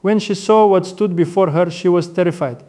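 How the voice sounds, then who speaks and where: An older man, an Orthodox monk, giving a sermon with measured, reverent storytelling. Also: sits high, darkish tone.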